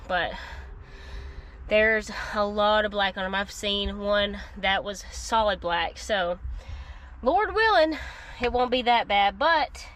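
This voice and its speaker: A young woman, vlogging in a chatty, excitable way to her phone camera, moving between her car and outdoors. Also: medium pitch, background noise. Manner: chatty and excitable, says "like" and "guys" often. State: out of breath. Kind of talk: casual vlog chat to camera. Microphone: phone on a small tripod.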